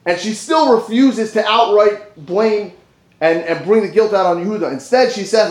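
Man, high voice, Torah class, animated, echoey room. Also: normal speed. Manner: animated, dips low for asides and rises for emphasis. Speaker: Torah teacher. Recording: roomy echo.

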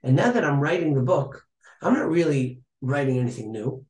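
A man's voice: a little high, very animated, moderate pace, darkish tone. A man voicing an older, humble rabbi who speaks earnestly and reflectively about his life. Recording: echoey room.

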